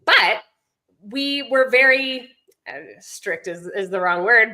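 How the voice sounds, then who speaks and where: A woman's voice: on the high side, measured pace, sharp tone. A woman guest on a podcast interview, chatty, often digressing with fillers. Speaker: guest, homeschooling mom and language instructor.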